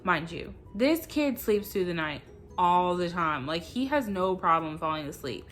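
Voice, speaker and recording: A woman's voice: fairly low pitch, unhurried, soft background music. A woman telling a casual storytime vlog about her son. She rambles animatedly, and nearly every phrase is filled with "like.". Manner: rambling, heavy use of "like", animated retelling. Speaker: vlogger, mother.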